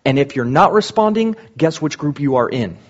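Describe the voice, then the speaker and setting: A man's voice: a little high, expressive, normal speed, highs cut off. A man preaching a sermon, reading scripture aloud and then explaining it with rising emphasis.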